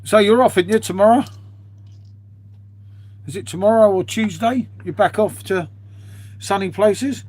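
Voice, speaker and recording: A man with a husky, slightly raised voice chats to viewers in a loose live-stream ramble. He swears freely and drops "mate" into nearly every line. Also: high voice, moderate pace, long pauses, darkish tone, no echo. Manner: chatty, swears freely, says "mate" constantly.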